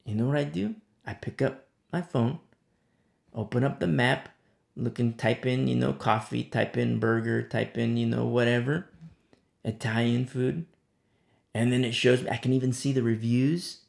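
A man preaching a sermon in a relaxed, storytelling way, often saying "you know". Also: medium pitch, normal speed, gravelly, echoey room.

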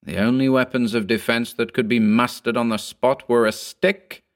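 A man reading a ghost story aloud in a measured, grave manner. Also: mid-range voice, steady tone. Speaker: narrator. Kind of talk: scripted ghost story narration.

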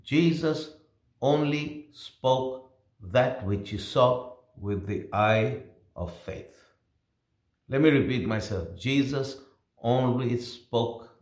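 Male preacher, mid-pitched voice, emphatic and repetitive, rising and dropping sharply, in a roomy echo. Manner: emphatic, repeats phrases, swings between loud exclamations and quiet asides. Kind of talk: sermon.

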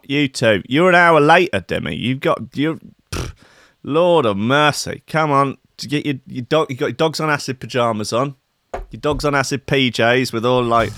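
A man's voice: medium pitch, fairly bright tone. A man hosting casual solo commentary, with a playful, sweary, rambling manner. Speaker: host.

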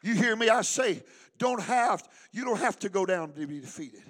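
A male pastor with a very high, bright voice preaching at a church service. His delivery is fervent and emphatic, with a lively, swooping pitch as he calls on the congregation to answer back. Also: normal speed, slight background noise. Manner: fervent, emphatic preaching with call-and-response prompts. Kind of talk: sermon.

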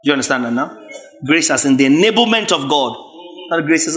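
Animated, high-voiced preacher man. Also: a little fast. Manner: emphatic, repeats phrases, shouts at peaks. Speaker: pastor. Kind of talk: sermon.

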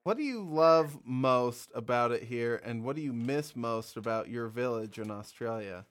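Male podcast host, playful and joking, smooth clear voice. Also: mid-range voice, lively intonation, normal speed. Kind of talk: casual interview chat.

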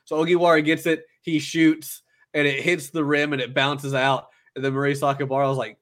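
Recapping an anime on a podcast he co-hosts, this man rambles casually, stuffing in "like" and "uh" and restarting often. His medium-pitched voice barely moves in pitch, sounds fairly bright, and runs fast.

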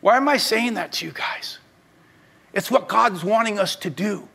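A middle-aged male pastor preaching a sermon, swinging between loud urging and quiet, confessional talk. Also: high voice, normal speed, vocal fry.

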